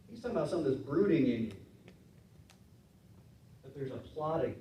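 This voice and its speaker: A man preaching a sermon in a relaxed, conversational way, acting out the voices of his listeners. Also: on the high side, moderate pace, a little hiss or hum. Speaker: pastor. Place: church sanctuary. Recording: roomy church sound from a distance.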